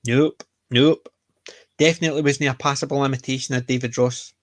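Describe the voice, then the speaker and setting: A man with a Scottish accent, co-hosting a casual podcast chat and retelling scenes with lively energy. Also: mid-range voice, brisk, dry recording. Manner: chatty, animated retellings of scenes. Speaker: podcast co-host.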